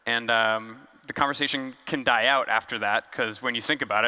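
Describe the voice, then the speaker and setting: A man's voice: medium pitch, fairly quick, sharp tone, in a large hall. A man giving a casual, joking conference talk on stage, loose and conversational with fillers. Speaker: conference speaker. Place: large conference hall.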